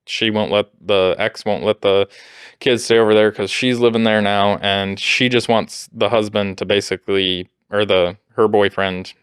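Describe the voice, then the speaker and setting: A man's voice: on the low side, clear, resonant tone, dry recording, studio quality. A man co-hosting a podcast in casual chat, explaining things at length and laughing often. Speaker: podcast co-host.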